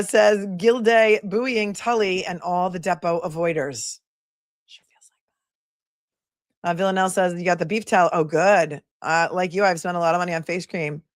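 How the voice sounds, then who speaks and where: A woman's voice: on the low side, no room sound, studio quality. A woman attorney hosting a casual livestream, reading viewer messages aloud and thanking them in a chatty, affectionate way.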